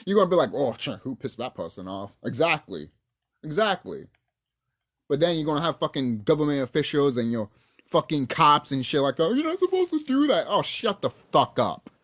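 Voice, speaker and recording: A man ranting angrily on his own video channel, cursing freely as he talks at home into his camera's mic. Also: fairly high pitch. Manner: angry, profane ranting. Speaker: YouTuber. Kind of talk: casual ranting vlog.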